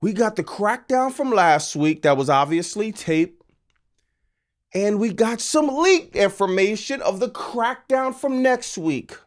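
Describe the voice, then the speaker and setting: A man ranting on a live stream about wrestling, exasperated and sarcastic, sometimes bursting into shouts. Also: sits high, animated, a little slow.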